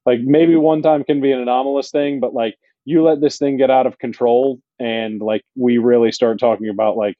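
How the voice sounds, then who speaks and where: A man co-hosting a sports podcast, talking casually and haltingly with many restarts. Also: medium pitch, steady tone, no room sound. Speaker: podcast co-host. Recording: dry, dull lo-fi mic.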